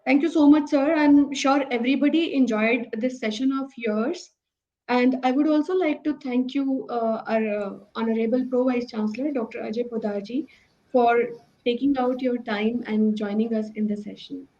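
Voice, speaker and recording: A woman's voice: on the high side, fairly even intonation, moderate pace, dark tone, highs cut off. A woman hosting an academic session, giving a courteous formal vote of thanks. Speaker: session host.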